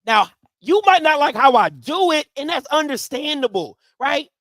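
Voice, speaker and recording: High-voiced emphatic man, dry close sound. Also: very animated, normal speed, no echo. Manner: emphatic, repeats phrases, swings loud and soft. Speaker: live show host. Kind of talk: animated live-stream talk.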